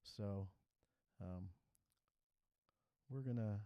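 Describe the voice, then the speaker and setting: A man's voice: lowish voice, extremely slow, dark tone, no echo. Rambling male stream host. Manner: rambling, restarts often. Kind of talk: casual stream intro.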